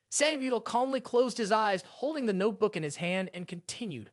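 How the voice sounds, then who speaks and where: Recap narrator, animated pitch, dry close recording, scripted storytelling. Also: fairly quick, few pauses, dry recording.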